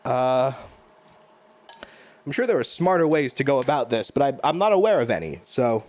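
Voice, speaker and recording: A man's voice: mid-range voice, sing-song, moderate pace, a little mellow. A man streaming live from his home kitchen, rambling and joking at his own expense while he cooks and talks to chat.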